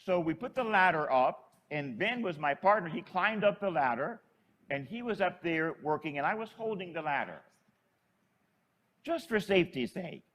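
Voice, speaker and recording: Older male priest, high voice, animated storytelling, chatty sermon. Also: normal speed.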